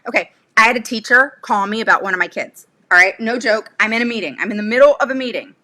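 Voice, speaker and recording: A woman's voice: a little high, fast, bright, forceful tone. A woman speaking as a special education advocate to her viewers, blunt and fired up, with many "okay?" tags and rambling asides. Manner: rambling asides and sudden laughs. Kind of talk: casual livestream talk to viewers.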